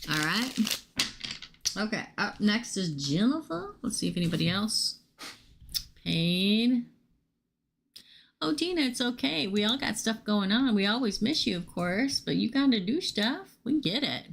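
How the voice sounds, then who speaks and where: A woman losing her voice, hosting a casual live tarot reading and chatting excitably with viewers she calls by name. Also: medium pitch, unhurried, gravelly, pauses often, a little hiss or hum.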